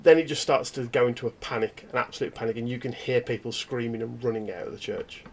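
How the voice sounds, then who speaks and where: A man running a tabletop horror game as its game master. He tells the scene in halting, descriptive storytelling, with a gravelly rasp in his voice at a middling pitch. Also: steady tone.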